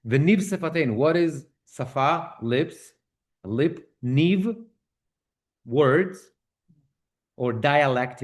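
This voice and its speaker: A man with a somewhat high voice gives a relaxed, explanatory lecture on prayer to a synagogue class. He works through terms step by step, repeating and restarting phrases, and often checks in with his listeners. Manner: conversational, checks in with "okay?", repeats and restarts while translating terms.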